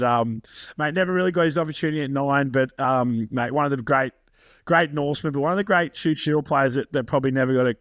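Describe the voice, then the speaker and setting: A man's voice: mid-range voice, fairly bright tone, no echo, clean studio sound. A man, a podcast co-host, chatting casually and laughing through an anecdote about an old teammate. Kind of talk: casual chat.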